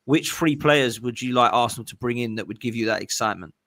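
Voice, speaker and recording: A man's voice: medium pitch, quick pace, a bit bright. Average-voiced male host, friendly agreer, asks long questions. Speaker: podcast host. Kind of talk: casual football chat.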